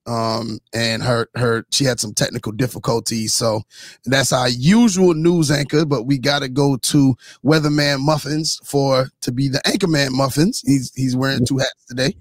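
A man's voice: medium pitch, fairly even intonation, moderate pace, dry recording, clean studio sound. A man co-hosting a comedy podcast, leading segments in a loose, joking way. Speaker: podcast co-host. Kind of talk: casual comedic podcast chat.

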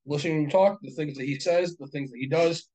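A man's voice: fairly high pitch, fast talker, a little mellow, poor audio. A man co-hosting a casual chat, talking bluntly and heatedly, swearing often and rambling with lots of fillers.

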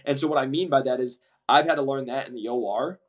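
A young man in casual podcast chat with a medium-pitched voice, recounting work stories with energy. He slips into quoted voices and swears freely along the way. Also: quick pace. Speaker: medical device sales rep, podcast co-host.

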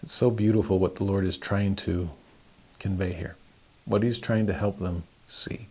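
A man teaching a verse-by-verse scripture lesson in a conversational way, chuckling often and rising in pitch for emphasis. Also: fairly even intonation, moderate pace, breathy edge.

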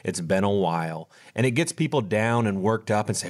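A middle-aged man, a financial advisor, co-hosting a podcast in an animated casual chat and acting out what his clients say. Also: fairly low pitch, fairly quick, few pauses. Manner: animated, acts out clients' quotes.

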